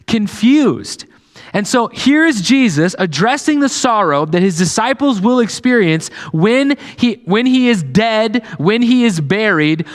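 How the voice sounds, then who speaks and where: Passionate preaching man in a reverberant hall. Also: high-pitched. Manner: casual preaching with fillers, building to emphatic passion. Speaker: pastor. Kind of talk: sermon. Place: church sanctuary.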